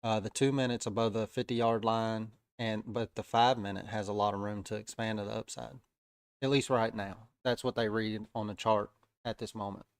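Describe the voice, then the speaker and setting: Laid-back Southern man, smooth voice. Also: on the low side, level tone, moderate pace, no echo, clean studio sound. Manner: easygoing, chatty, frequent "uh" fillers. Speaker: day-trading live-stream host. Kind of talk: casual live-stream market commentary.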